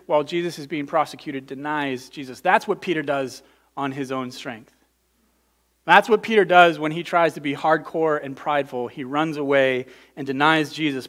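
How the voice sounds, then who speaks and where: Male pastor preaching, earnest and repetitive, a touch high-pitched. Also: a bit bright. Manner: earnest, repeats words, builds to emphatic peaks. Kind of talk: sermon.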